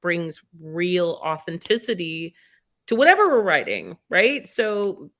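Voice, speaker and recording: Bright-voiced woman, earnest podcast guest. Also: on the low side, big pitch swings, a little slow. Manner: earnest and reflective, speaks from personal experience. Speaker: guest writer. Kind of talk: casual podcast conversation.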